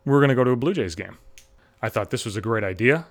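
A man's voice: medium pitch, quick pace. A man in his thirties telling a long self-deprecating anecdote, swearing constantly and acting out the people in it. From Buffalo area, US. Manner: self-deprecating, heavy swearing, animated acted-out quotes. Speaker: stand-up comedian. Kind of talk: profane anecdotal storytelling.

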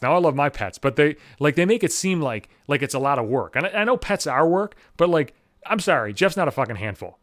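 A man doing a profane, exasperated comedic monologue about his neighbors, acting out their lines in quick quoted voices. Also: medium pitch, fairly bright tone, no echo, studio quality. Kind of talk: stand-up style comedic monologue.

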